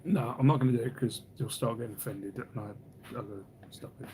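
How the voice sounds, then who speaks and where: A man's voice: mid-range voice, fairly quick, warm tone, a little hiss or hum. A man hosting a casual live stream, rambling, teasing, and reading viewer comments aloud. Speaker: livestream host.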